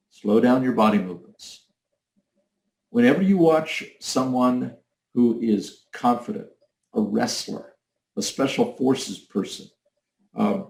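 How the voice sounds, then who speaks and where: Male leadership coach, gravelly voice, mid pitch, emphatic teaching delivery, echoey room. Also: dark tone. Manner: coaching, emphatic, demonstrates tones of voice. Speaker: leadership trainer. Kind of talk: recorded leadership training talk.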